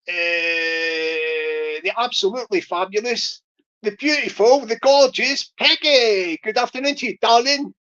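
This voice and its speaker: A woman chatting casually on a livestream, rambling and repetitive, with theatrical, gushing shout-outs to viewers. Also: on the high side, lo-fi sound.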